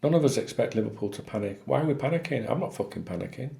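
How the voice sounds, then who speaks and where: Man, gravelly voice, casual vlog talk, blunt, exasperated, swears a lot. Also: mid-range voice, lively intonation, fast talker, dark tone. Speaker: football fan vlogger. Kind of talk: casual solo talk to camera.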